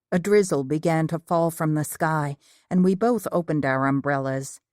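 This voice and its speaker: A woman narrating an audiobook in the first person, with an even storytelling manner. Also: deep voice, normal speed, no echo, clean studio sound.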